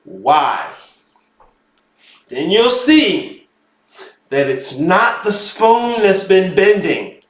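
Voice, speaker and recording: A man teaching spirituality in a casual, animated lecture, emphatic and profane, who keeps calling the listener "bro". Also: high voice, drawn-out words, long pauses. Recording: roomy echo.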